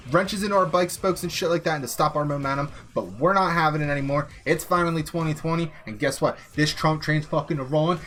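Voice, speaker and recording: A man's voice: on the high side, a bit bright. A young American man ranting profanely on a political commentary stream. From United States.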